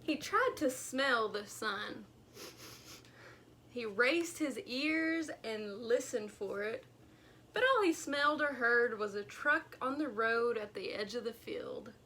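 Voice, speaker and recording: Slow, bright-voiced woman reading a storybook. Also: fairly high pitch, expressive, a little hiss or hum. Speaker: children's librarian. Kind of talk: storytime read-aloud.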